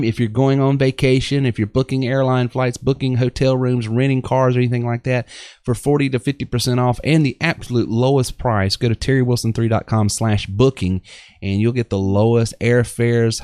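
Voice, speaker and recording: Low-voiced Southern man hosting a live show. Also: darkish tone, clean tone, dry recording, clean studio sound. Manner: rambling, many fillers and restarts. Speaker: host of a live online business show. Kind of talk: casual live-stream chat with pitches.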